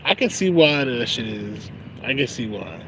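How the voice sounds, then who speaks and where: A man's voice: mid-range voice, sing-song, normal speed, noisy background. A young man talking in a casual, rambling monologue, slangy and profane, laughing often. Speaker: vlogger.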